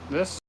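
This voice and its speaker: Slow-talking, cussing livestream host man. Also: medium pitch, heavy background noise. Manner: profane, rambling, loud shout-outs. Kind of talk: casual livestream chat with viewers. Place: home man cave, indoors.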